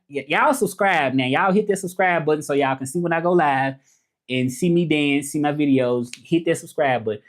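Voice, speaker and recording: A man with a Southern US accent hosts a casual livestream. His talk is loose and rambling. He answers viewers' comments as they come in. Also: a little high. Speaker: livestream host and interpreter.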